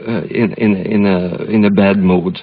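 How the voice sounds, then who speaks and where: A man from Sweden, a film director being interviewed, speaking English with a Swedish accent and pausing often to find his words. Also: low voice, steady tone, breathy edge. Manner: halting, searching for English words. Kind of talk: reflective interview storytelling. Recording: dull lo-fi archival recording.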